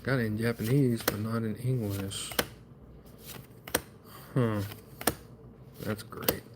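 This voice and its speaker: A man's voice: on the low side, steady tone, takes it slowly, noisy background. A man streaming himself opening trading card packs, chatting in a rambling, wry, self-deprecating way.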